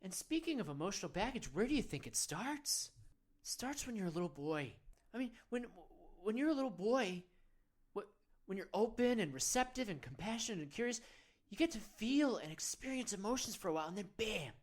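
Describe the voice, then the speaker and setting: A man's voice: high-pitched, big pitch swings, brisk. A man playing a self-serious male men's-wellness guru, leading a parody of a guided meditation in an earnest, coaxing, rambling way.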